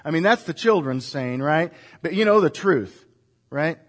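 A male pastor with an expressive, slightly high voice preaches at normal speed. He poses rhetorical questions, shifts from soft to emphatic, and leads the congregation in repeating lines together.

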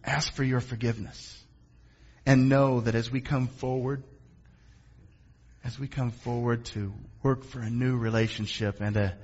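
A pastor closing his sermon and leading a prayer in an earnest, unhurried, softly prayerful way. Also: mid-range voice, steady tone, lo-fi sound.

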